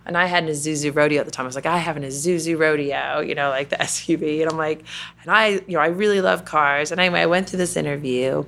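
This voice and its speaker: Speaking quickly in a low, gravelly, fairly bright voice with mostly even intonation, this middle-aged Kentucky woman tells her story. She has a Southern accent, is a company president, and chats as an interview guest using many fillers.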